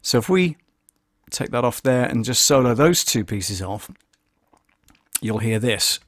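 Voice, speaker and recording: A man hosting a live stream, casually explaining audio software and thinking aloud as he works. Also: mid-range voice, expressive, unhurried, very noisy. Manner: chatty, thinking aloud with many fillers.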